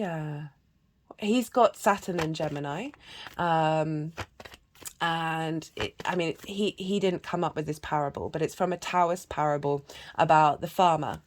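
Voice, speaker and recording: Woman musing in a low voice. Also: slight background noise. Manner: rambling, reflective, many fillers. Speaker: tarot reader. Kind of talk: casual spoken reading.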